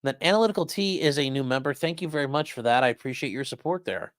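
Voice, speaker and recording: A man's voice: mid-range voice, expressive, fast talker, no room sound, clean studio sound. A man hosting a livestream, chatting casually and reading out viewer comments with loose, repetitive phrasing. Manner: loose and conversational, many fillers, repeats phrases. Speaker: host of a legal commentary livestream.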